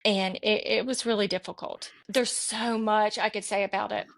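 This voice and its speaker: Middle-aged woman, podcast guest, earnest and rambling storyteller, mid-pitched. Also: steady tone, moderate pace. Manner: rambling, earnest, many restarts. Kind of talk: personal storytelling in conversation.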